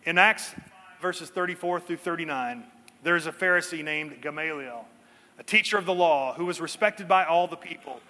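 A pastor preaching a sermon with earnest emphasis and dramatic pauses, slowing down to stress key points. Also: male voice, fairly high pitch, bright, forceful tone, in a large hall.

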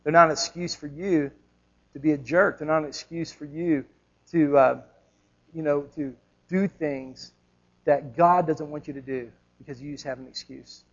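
Husky-voiced male pastor preaching emphatically. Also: a little high, fairly even intonation, moderate pace, lo-fi sound. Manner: emphatic preaching with rhetorical questions and repetition. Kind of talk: sermon.

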